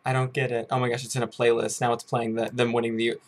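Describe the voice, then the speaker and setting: Young man, excited vlog reaction, gushing, swings from loud to hushed, mid-pitched voice. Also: fast. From United States. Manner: gushing, exclaims often, swings between loud bursts and hushed awe. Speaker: YouTuber reacting to a music video. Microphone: headphones on, camera mic.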